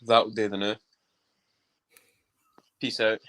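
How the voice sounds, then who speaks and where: A man's voice: on the low side, level tone, slow pace, a bit bright, clear, resonant tone. A man joining a stream as a guest on a call, laid-back and giving short replies. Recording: noisy call line.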